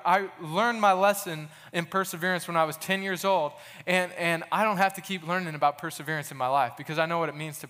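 A man's voice: high voice, a bit bright. A young adult man preaching a sermon in an earnest, casual way, telling stories and often restarting his sentences. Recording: long hall reverb.

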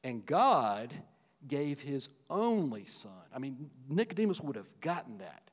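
Male pastor, mid-pitched, chatty preaching with stressed peaks; recorded in a reverberant hall. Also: very animated, measured pace. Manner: conversational preaching, rising for emphasis, many asides and restarts. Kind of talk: sermon.

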